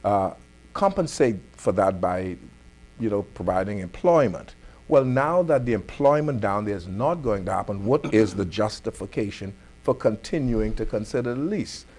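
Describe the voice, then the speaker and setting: A man with a Bahamian accent hosting a community affairs talk show, laying out his case in a firm, deliberate way. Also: lowish voice, animated, a little mellow. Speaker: host.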